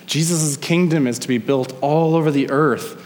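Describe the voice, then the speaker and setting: A male pastor preaching a sermon, emphatic, slowing down to stress key phrases. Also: a little high, a little mellow, long reverb tail, a little hiss or hum. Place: church sanctuary.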